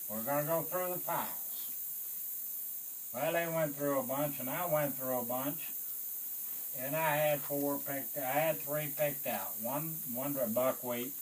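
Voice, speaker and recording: A man, a Vietnam veteran, telling a war story in an animated way, swearing and acting out the voices of others. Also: medium pitch, slight background noise, poor audio. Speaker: Vietnam veteran recounting service.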